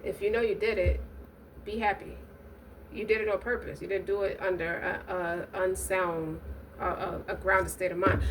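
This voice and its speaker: A woman's voice: medium pitch, recorded from a distance. Blunt, cussing woman reading tarot. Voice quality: blunt, profane, streetwise talk. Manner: rambling, frequent restarts and asides. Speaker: tarot reader. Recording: noisy recording, voice set back from mic.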